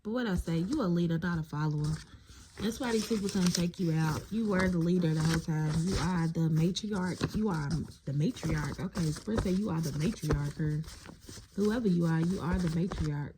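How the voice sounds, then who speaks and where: A woman's voice: lowish voice, brisk. A woman gives a casual collective tarot reading to her viewers. She talks bluntly, swears often and calls them "y'all". A faint hiss sits under her voice. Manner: blunt, profane and animated, addressing viewers as y'all. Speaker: tarot reader.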